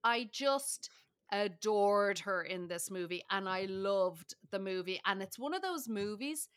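A woman's voice: medium pitch, lively intonation, unhurried, clear, resonant tone. A woman co-hosting a casual podcast, speaking in an emphatic, exclamatory way. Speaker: podcast co-host. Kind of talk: casual film discussion.

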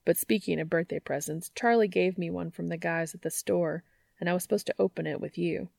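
Storybook role: a cheeky young boyfriend, voiced by a woman in her own gravelly tone, quick to tease. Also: fairly low pitch, fairly even intonation, a little mellow, no room sound, clean studio sound. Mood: warm. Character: playful cocky young man, teasing boyfriend. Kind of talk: audiobook fiction reading.

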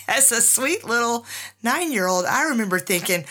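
Bright-voiced woman telling a personal story. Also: on the high side, expressive, moderate pace. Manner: emotional, candid, addresses listeners directly. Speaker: podcast host.

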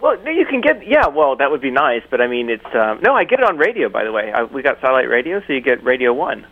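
A man co-hosting a casual podcast, laughing and ranting with lively swings in his voice. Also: mid-range voice, quick pace, phone-quality sound. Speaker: regular co-host.

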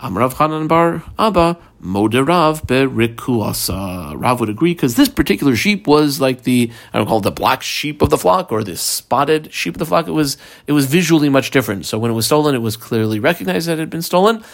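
A man teaching a relaxed Talmud class, conversational and rambling with frequent ums, guiding listeners through marks on the page. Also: medium pitch, a little fast, creaky. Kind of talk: casual daily page class.

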